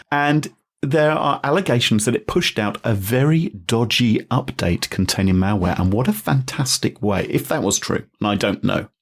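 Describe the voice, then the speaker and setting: A man explaining things on a podcast, animated with wry asides. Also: mid-range voice, husky. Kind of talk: podcast discussion.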